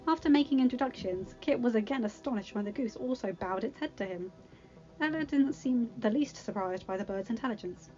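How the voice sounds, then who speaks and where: Woman reading a story over soft music. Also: on the high side, animated, brisk, highs cut off. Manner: plain narration with self-corrections. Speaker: reader. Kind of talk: reading fan fiction aloud.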